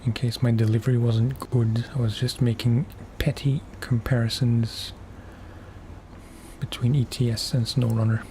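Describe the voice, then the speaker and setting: Man, gaming ASMR commentary, mellow, flat soft voice. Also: mid-range voice, slight background noise. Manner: soft, musing, unhurried asides. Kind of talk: soft-spoken gameplay commentary.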